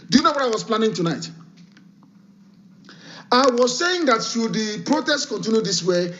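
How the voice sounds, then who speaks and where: A man's voice: sits high, pushed and bright. A man giving an impassioned live radio address, commanding and repeating his orders for emphasis, his voice still not fully recovered from illness. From Nigeria. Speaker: broadcaster addressing supporters. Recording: dull lo-fi broadcast audio.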